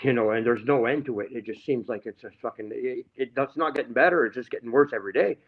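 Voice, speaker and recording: A man's voice: medium pitch, quick pace. Male guest on a livestream, rambling and profane, dull audio. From Canada. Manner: rambling, heavily profane, aggrieved. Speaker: guest telling his story. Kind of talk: casual livestream chat.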